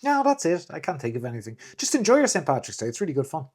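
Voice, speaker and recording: A man's voice: a little high, huge pitch swings, rapid-fire, husky. Joking young Irish man. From Ireland. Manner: chatty, joking, full of fillers and restarts. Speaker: vlog guest, the host's boyfriend. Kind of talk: casual chat.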